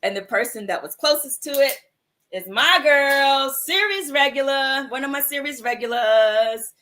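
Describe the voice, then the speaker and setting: A woman's voice: high voice, lively intonation, normal speed, a bit bright. Affectionate woman hosting a livestream. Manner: affectionate, encouraging, calls viewers "my love" and "sis". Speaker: host of a livestream mindfulness show. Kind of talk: casual livestream chat.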